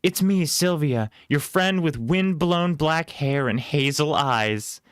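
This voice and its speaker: A man's voice: fairly high pitch, expressive, slow pace, fairly bright tone, clean tone, no echo, voice pushed up. A man reading a storybook, voicing a sarcastic, dutiful young princess in a raised, dry tone.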